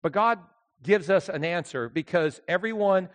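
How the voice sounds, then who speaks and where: A man preaching a sermon with emphatic delivery, swinging between loud outbursts and quiet asides. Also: high-pitched, moderate pace, big-room sound. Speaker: pastor.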